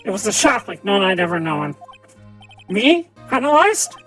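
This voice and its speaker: A woman's voice: lowish voice, fast, a bit bright, soft background music. A woman streaming live, reading a courtroom visual novel aloud and voicing its characters in a theatrical way.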